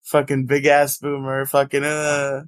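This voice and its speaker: A man's voice: mid-range voice, completely flat delivery, unhurried, clean tone, dry recording. A man co-hosting a casual podcast, teasing his co-host and laughing often.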